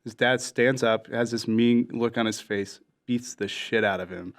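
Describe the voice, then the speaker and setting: A man's voice: mid-range voice, steady tone, normal speed. A young man on a casual podcast, telling a long shaggy-dog joke and acting out the characters' lines. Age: young adult. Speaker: podcast guest. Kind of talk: casual storytelling.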